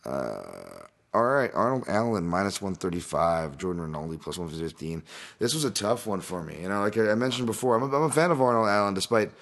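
A man with a very low voice hosts a solo podcast, rambling and doubling back on himself. His throat is sore and strained, and he laughs at himself now and then. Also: very animated, fairly quick, gravelly, a bit bright. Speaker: podcast host and fight analyst. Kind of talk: casual solo podcast breakdown.

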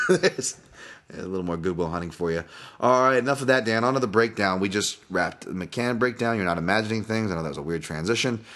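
A man with a low, bright, forceful voice hosts a solo podcast. He rambles in a loose, profane way, interrupting himself and circling back. The delivery is casual and conversational. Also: fast. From Boston. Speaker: podcast host.

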